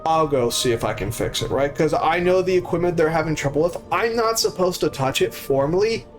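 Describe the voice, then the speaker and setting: A man's voice: on the high side, animated, brisk, faint music behind. A young man, a live streamer, telling a story casually, full of swearing and acting out the voices of the people in it. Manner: profane, acts out voices of people in his stories.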